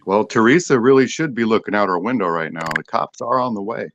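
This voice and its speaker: A man's voice: on the low side, animated, fairly quick, fairly bright tone, a little hiss or hum. A man speaking as a guest on a livestream panel in a sarcastic, mocking way. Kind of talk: casual livestream chat.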